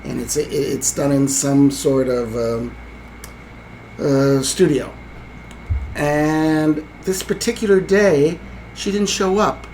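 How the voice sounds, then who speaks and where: A man co-hosting a podcast slowly works through a film's ending in casual talk, hesitant and rambling with many fillers. His voice is on the high side and darkish, with fairly even intonation. The poor audio has slight background noise.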